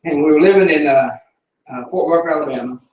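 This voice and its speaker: A fairly high-pitched, darkish voice belongs to a middle-aged missionary with a Southern accent, talking quickly as he gives a church a folksy, fervent presentation full of storytelling and preaching. The sanctuary echoes, and he's recorded from a distance.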